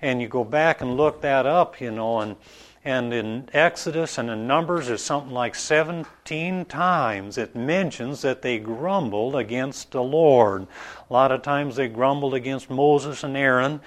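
A man preaching an informal Bible study in a conversational, halting way, with many restarts and asides. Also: medium pitch. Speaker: pastor.

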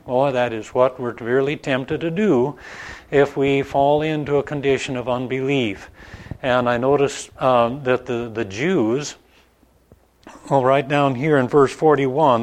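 A man preaching an informal Bible study in a conversational, halting way, with many restarts and asides. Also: mid-range voice. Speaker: pastor.

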